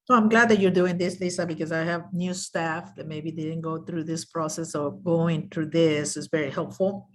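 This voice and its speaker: A woman's voice: deep voice, fairly even intonation, moderate pace, few pauses. A woman attending a session, speaking up to say how helpful the training is for her new staff.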